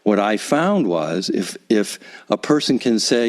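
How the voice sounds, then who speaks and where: A man teaching calm self-acceptance, guiding breathing in a slow, soothing way with soft repeated cues, recorded in a home vocal booth. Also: lowish voice. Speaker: guest teacher. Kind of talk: calm guided breathing instruction.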